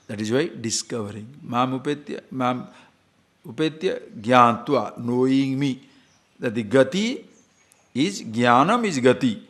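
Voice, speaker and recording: A man teaching scripture, emphatic and full of rhetorical questions, sometimes chanting verses slowly. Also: mid-range voice, animated, a bit bright. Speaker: spiritual teacher. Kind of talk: lecture on scripture.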